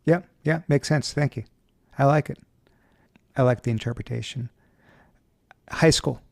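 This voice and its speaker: Gravelly man hosting an interview. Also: mid-range voice, no room sound, studio quality. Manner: measured, attentive questioner. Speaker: podcast host interviewer. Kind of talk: interview questions.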